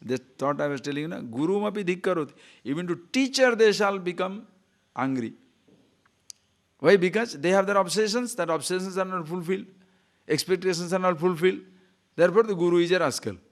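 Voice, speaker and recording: An older man gives a spiritual teaching talk, telling stories in an animated way and laughing often. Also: high-pitched, normal speed, long pauses. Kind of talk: scripture talk.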